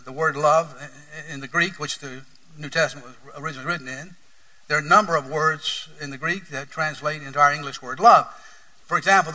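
Heard from far off the microphone in a church room, this pastor with an East Tennessee accent delivers a heartfelt sermon. His very bright, slightly high voice rises and falls in volume, and the recording is rough.

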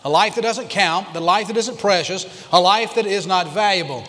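A man preaching a sermon as pastor to his church, emphatic, repeating key lines and slowing down to stress them. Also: high voice, bright, forceful tone. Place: church sanctuary. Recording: long hall reverb.

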